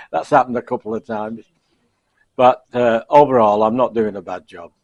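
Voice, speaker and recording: A middle-aged man giving a casual, rambling sign-off to camera from a home kitchen, halting with lots of fillers, chuckling and self-deprecating. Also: mid-range voice, a little mellow, dry recording. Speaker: cooking vlogger. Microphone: camcorder.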